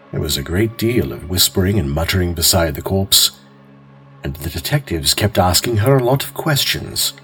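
A man hosting and narrating a calm mystery story in a measured, expressive way. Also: deep voice. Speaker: host and narrator.

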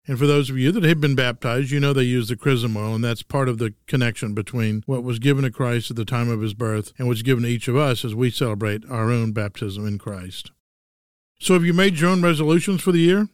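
A man in his sixties speaks with a Texan accent, delivering a scripted solo monologue with dry, wry humor. His voice is smooth and resonant at an ordinary pitch, recorded dry with no room sound. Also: brisk, dry recording. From Texas. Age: 60s. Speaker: host.

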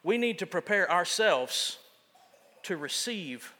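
A man's voice: high-pitched, expressive, takes it slowly, sharp tone, long reverb tail. A man preaching a sermon as pastor, casual and self-deprecating, often restarting his sentences.

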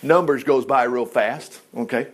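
A man teaching a folksy Bible study, animated and acting out the voices of people in the story. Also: mid-range voice, measured pace, breathy edge.

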